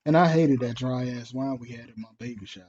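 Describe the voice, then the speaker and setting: A man's voice: medium pitch, quick pace, darkish tone, breathy edge. A man hosting a casual livestream, talking bluntly and cursing freely. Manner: blunt and profane. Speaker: livestream host. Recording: dull lo-fi stream audio.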